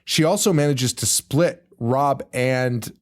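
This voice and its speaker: Taking it slowly in a mid-range voice, a man co-hosting a podcast retells a film's story during relaxed chat. He's an animated storyteller who performs the characters' screams and dialogue, with plenty of laughter and profanity.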